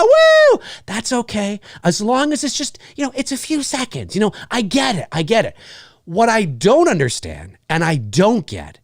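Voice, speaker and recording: A man in his forties hosting a live show, ranting casually and with exasperation, mimicking the shouts of others. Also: fairly high pitch, dry recording, studio quality. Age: 40s. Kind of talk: casual live-stream rant.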